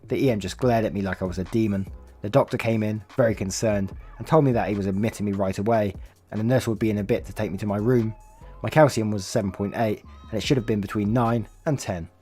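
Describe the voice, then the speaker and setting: A man reading online stories aloud, acting out the angry quotes with big jumps in pitch, and chuckling through his own casual comments in between. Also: fairly quick, dark tone, husky. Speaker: reddit story narrator. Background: faint background music.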